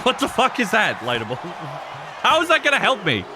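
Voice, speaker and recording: A man's voice: high-pitched, huge pitch swings, moderate pace, noisy background. A man hosting a live game stream, commentating matches and chatting with viewers in a loose, laughing, foul-mouthed way.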